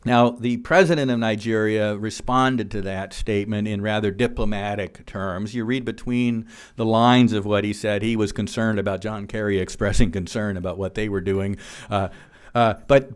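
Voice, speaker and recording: A man giving an earnest policy presentation to a live audience in a room, reading quotes aloud and pausing on frequent fillers. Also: lowish voice, clear, resonant tone. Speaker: policy speaker.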